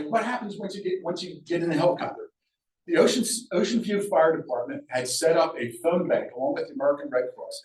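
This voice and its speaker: Older guy telling stories at a local talk, lively, room echo, mic kinda far. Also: mid-range voice. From Sea Isle City, New Jersey. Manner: lively and conversational, acts out quoted voices. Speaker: local speaker sharing memories. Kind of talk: public storytelling talk. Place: event room at a museum talk.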